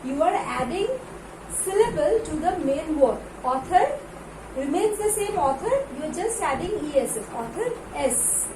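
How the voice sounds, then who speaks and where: A woman teaching an English grammar lesson to a class. She reads word lists aloud in louder, drawn-out calls and spells words out letter by letter. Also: high-pitched, expressive, echoey room. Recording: noisy room recording.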